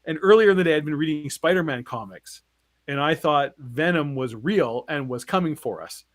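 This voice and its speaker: A man's voice: a little high, normal speed, no room sound. A man in his forties, a podcast co-host, telling a long personal story in casual chat and acting out the voices of the people in it. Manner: animated, acts out quoted voices, swears.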